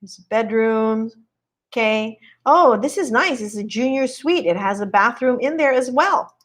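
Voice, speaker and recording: Hosting a casual live stream as a real estate agent, a woman shows off a home listing with chatty admiration, greeting viewers as they join. Her slightly high voice is expressive, and she speaks a little slowly.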